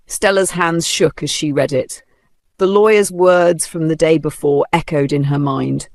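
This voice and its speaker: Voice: medium pitch, fairly even intonation, measured pace, dry recording. A narrator telling a dramatic folktale in a vivid storybook style.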